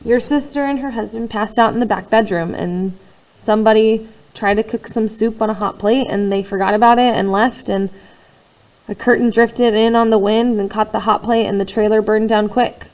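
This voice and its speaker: Woman reading tired, quiet dad in a storybook; plain, subdued delivery. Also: sits high, fairly even intonation, moderate pace, rough recording. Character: weary quiet father delivering grim news.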